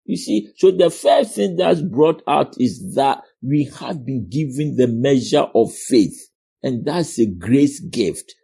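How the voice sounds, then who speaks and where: Male preacher, middle-aged, earnest sermon delivery; husky, mellow tone, lively pitch. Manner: earnest, repeats phrases, addresses listeners as "my friend".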